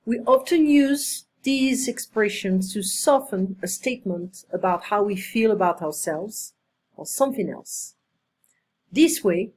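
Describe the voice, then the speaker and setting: Woman teaching english one on one, slow careful explaining, lots of example sentences. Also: mid-range voice, darkish tone. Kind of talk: one-on-one language lesson.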